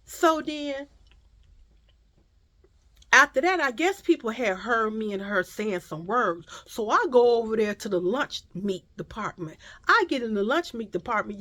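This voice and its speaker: Animated, cussing storyteller woman. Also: on the high side, a little slow. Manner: profane, emphatic, animated. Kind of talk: casual storytime vlog.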